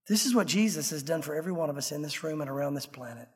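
A man preaching a sermon, telling an illustration story earnestly and slowing down for the emotional parts. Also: a little high. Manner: earnest storytelling, slows and softens for emotional quotes. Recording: long reverb of a large room.

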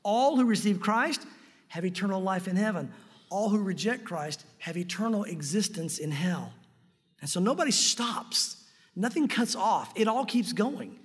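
A man preaching a sermon from a church sanctuary, earnest and emphatic, slowing down to read scripture aloud. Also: high voice, expressive, slightly rough. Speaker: pastor. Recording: long reverb of a large hall.

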